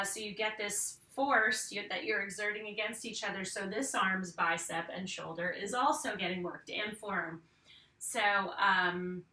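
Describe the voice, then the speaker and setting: A woman's voice: medium pitch, bright, forceful tone, reverberant, distant mic. A woman fitness instructor leading a home arm workout, counting reps and cueing each move while she exercises along.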